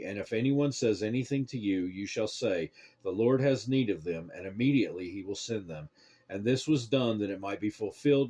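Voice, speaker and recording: Low-voiced man reading scripture steadily. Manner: steady, measured reading cadence. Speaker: Bible reader.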